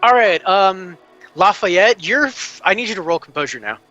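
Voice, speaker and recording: A man acting as game master, narrating a tabletop game in a halting way full of fillers. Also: sits high, animated, sharp tone, dull audio, soft background music.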